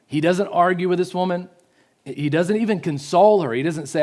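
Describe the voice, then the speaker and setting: A man giving a sermon in a church, swinging from loud pleading to hushed, slow emphasis. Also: high-pitched. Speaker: pastor.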